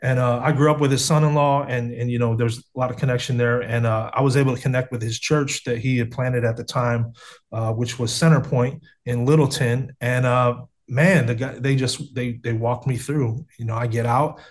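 A man's voice: mid-range voice, fairly even intonation, moderate pace. An earnest man in his thirties from the United States tells his story on a video call. He talks casually, with plenty of restarts and slang like "man" and "bro". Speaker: guest sharing testimony. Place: home setup on a video call.

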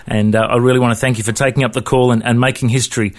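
Aussie bloke hosting a radio show, chatty and casual, mid pitch. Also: male voice, flat delivery, racing. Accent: Australian. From Australia. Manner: chatty, colloquial. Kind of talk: radio interview.

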